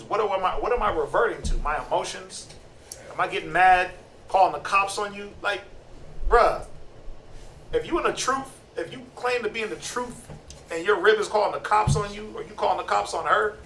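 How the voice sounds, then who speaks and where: Casual sermon from a guy teaching scripture, animated and slangy, kinda far from the mic with faint noise behind. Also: high-pitched, fairly quick, echoey room. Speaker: Bible teacher.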